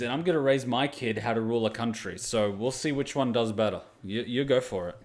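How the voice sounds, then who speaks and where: A man's voice: medium pitch, brisk, hardly any pauses. A man hosting an anime reaction video, joking and blunt, swearing freely as he comments.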